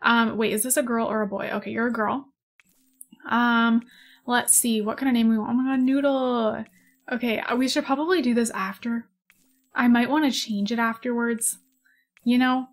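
A woman's voice: on the high side, steady tone, normal speed. A young woman in her twenties chatting casually over gameplay, rambling, giggling and gushing over cute animals. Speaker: gaming YouTuber. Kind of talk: casual let's-play chat.

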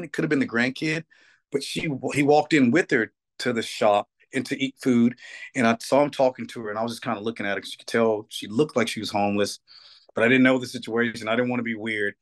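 A middle-aged man speaks in a casual interview in a voice of ordinary pitch. He tells heartfelt stories, slips into "you know what I mean" again and again, and gets choked up along the way. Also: steady tone, fairly quick. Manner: emotional storytelling, tearful at times, repeats "you know what I mean". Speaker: guest, metal band singer.

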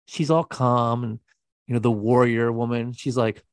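A man's voice: medium pitch, fairly even intonation, moderate pace, dry recording, clean studio sound. A man co-hosting a podcast, telling a true-crime story in a blunt, profane, scornful way. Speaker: podcast co-host.

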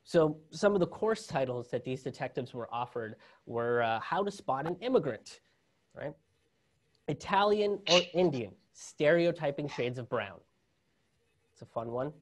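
A man's voice: on the high side, lively intonation, measured pace. A male comedian hosting a political commentary show, sarcastic and laughing at his own jokes. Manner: self-promoting sign-off read. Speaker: comedian host.

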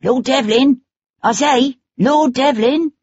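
A narrator voicing an anxious, fussy male magistrate with a high, strained voice, on a dull lo-fi recording. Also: slow, darkish tone, husky, no room sound, full character voice.

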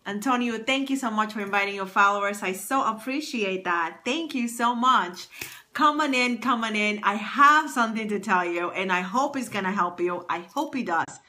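A woman's voice: medium pitch, normal speed, bright, forceful tone. A woman greeting her livestream viewers by name in a bubbly, welcoming casual chat. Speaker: livestream host. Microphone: phone or webcam.

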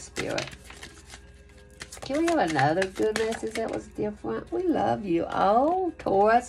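A woman's voice: lowish voice, creaky. A woman giving a casual, loose spoken tarot reading, chatty, breaking into whoops and laughs. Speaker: tarot reader.

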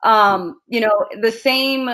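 A woman from the United States, an actress and interview guest, telling lively stories in a casual chat and laughing often. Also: on the high side, takes it slowly.

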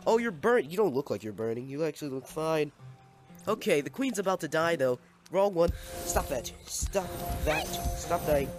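A man's voice: fairly high pitch, expressive, normal speed, over music. Playful man scolding game villagers. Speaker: gameplay commentator. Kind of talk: casual gameplay commentary.

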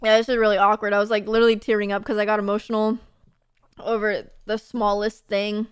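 A woman's voice: medium pitch, level tone, quick pace, clean tone. A young woman streaming, chatting casually and reading messages, bubbly and gushing with lots of fillers and laughs.

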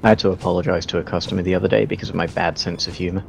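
A man's voice: low voice, fairly even intonation, very fast, creaky, slight background noise. A man chatting casually while playing a game, cracking dry, self-mocking jokes. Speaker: game player. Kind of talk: casual gaming chat.

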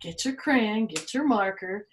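A woman reading a picture book aloud to children and leading a drawing exercise, animated and quick to exclaim and laugh along with the pictures. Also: mid-range voice, slight background noise. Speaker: children's museum storytime reader and art teacher. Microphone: phone or tablet camera. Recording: echoey room sound.

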